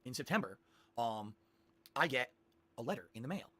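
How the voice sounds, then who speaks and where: A man telling a long rambling story to his stream viewers, animated and repeating himself. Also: medium pitch, moderate pace, breathy edge.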